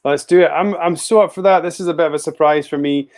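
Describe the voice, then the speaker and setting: A man's voice: on the high side, fast talker, a little mellow. A man co-hosting a podcast, trading laid-back, jokey banter in casual chat over a remote call. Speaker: podcast co-host.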